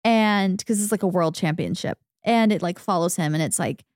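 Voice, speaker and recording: Animated young woman telling stories. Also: moderate pace, no room sound, clean studio sound. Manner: animated storyteller, mimics people in high voices. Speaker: podcast co-host. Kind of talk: casual chat.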